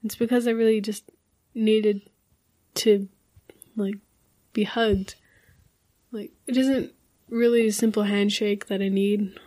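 A woman's voice: mid-range voice, fairly even intonation, takes it slowly, long pauses, dark tone. A young woman chatting casually in a group. She rambles through personal stories with lots of fillers. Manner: rambling, many fillers, laughs often. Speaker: group chat participant.

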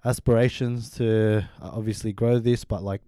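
A man's voice: fairly low pitch, level tone, normal speed, mellow, clear, resonant tone, dry recording, clean studio sound. A man co-hosting a podcast in casual chat, laid-back and slangy with a rambling way of talking. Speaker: podcast co-host.

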